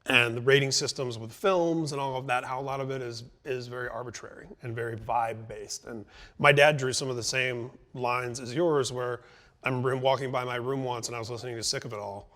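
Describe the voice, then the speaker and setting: A man's voice: mid-range voice, steady tone, brisk, fairly bright tone. A middle-aged man hosts a conversational interview in an ordinary mid-range voice. He speaks in long, reflective turns and builds his points thoughtfully. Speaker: interview host.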